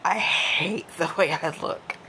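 Woman, low gravelly voice, slow unhurried storytelling, candid and self-mocking, faint noise behind. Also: pushed and bright. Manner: candid, laughing, self-deprecating. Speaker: podcast host. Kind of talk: personal storytelling. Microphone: home microphone.

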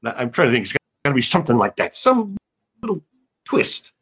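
A man's voice: medium pitch, sing-song, brisk, a bit bright, slightly rough. An older man, an actor guest, telling anecdotes in a casual interview, rambling with frequent restarts. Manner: rambling, restarts often, laughs.

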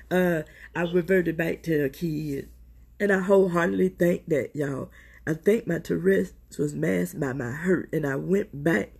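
Gravelly husky middle-aged woman, candid. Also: lowish voice, a little mellow. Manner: candid, emotional, swears, keeps addressing listeners. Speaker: podcast host. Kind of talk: personal confessional talk.

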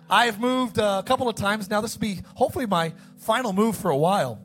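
Man, pastor, high voice, lively sermon, faint music behind. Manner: animated preaching, acting out dialogue in quick asides.

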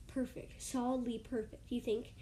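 A woman reads her own fan-written adventure story aloud in a fairly high voice. Her delivery is casual and unpolished, with the odd restart and self-correction. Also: little pitch movement, moderate pace, mellow, a little hiss or hum. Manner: casual, restarts and corrects lines while reading. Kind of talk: reading a second-person fan story.

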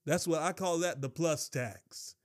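A man preaching a sermon, emphatic and repetitive, his voice leaping from low stresses to high shouts. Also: unhurried, dry recording, clean studio sound.

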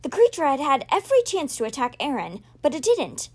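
A woman hosting a podcast, reading a children's novel aloud with expressive storytelling. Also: sits high, fairly quick. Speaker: podcast reader.

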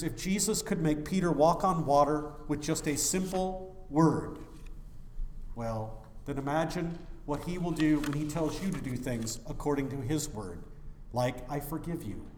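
A man pastor delivering a sermon, swinging from hushed passages to loud, impassioned rises. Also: a little high, measured pace, a little hiss or hum. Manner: dramatic swings from quiet to loud preaching. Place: church. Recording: echoey church hall.

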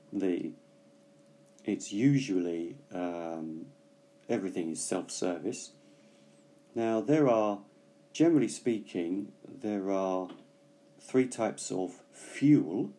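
A man teaches English vocabulary in a relaxed, unhurried way. His voice is low and mellow, and he pauses often to think aloud. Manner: slow, thoughtful, with many pauses and fillers. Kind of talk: casual bilingual language lesson.

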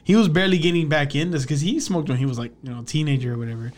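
A man joining in on a podcast with a slightly high voice. He rambles loosely, backtracks and laughs between thoughts. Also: rapid-fire, darkish tone. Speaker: podcast co-host. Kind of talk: casual chat.

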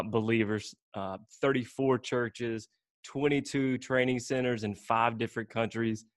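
A man hosting a casual church interview, asking rapid-fire questions with a joking manner and frequent laughs. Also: mid-range voice, no room sound, clean studio sound. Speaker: church podcast host.

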